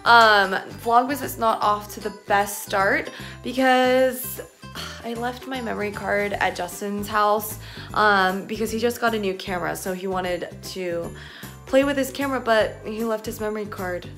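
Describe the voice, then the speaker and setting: A woman's voice: medium pitch, measured pace, fairly bright tone, faint music behind. A young woman vlogging at home in a chatty, casual way, full of filler words. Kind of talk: casual vlog chat.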